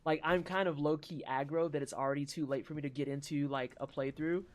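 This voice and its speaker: A woman's voice: sits low, quick pace. Rambling, swearing woman streamer. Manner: rambling, swears, animated asides to chat. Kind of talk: casual live-stream reaction.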